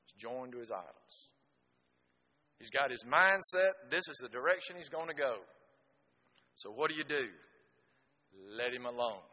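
A man's voice: mid-range voice, lively intonation, moderate pace, long pauses. Man preaching in a reverberant hall. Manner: folksy storytelling, swings from loud exclamations to quiet asides. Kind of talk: sermon.

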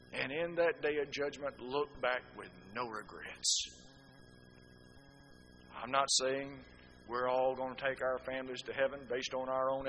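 A middle-aged man preaching to a congregation, his voice bright and forceful. He climbs to loud, emphatic peaks, then drops soft and low to press a point. A faint hum of the room sits behind him. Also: rough recording. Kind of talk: sermon.

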